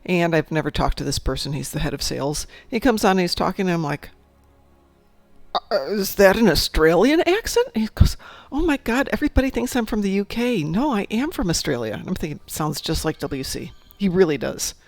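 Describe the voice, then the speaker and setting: Gravelly lady host, chatty n jokey, dry close mic sound. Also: fairly low pitch, fairly quick, no echo. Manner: chatty storyteller, animated and jokey. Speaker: stream host. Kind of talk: casual gaming chat.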